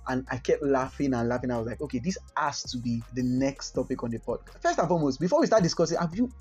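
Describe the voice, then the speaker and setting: A man's voice: medium pitch, lively intonation, quick pace, a little mellow, breathy edge, soft background music. A man hosting a casual podcast chat, laughing often and teasing his guest. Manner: giggly, apologetic, teasing. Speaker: podcast host.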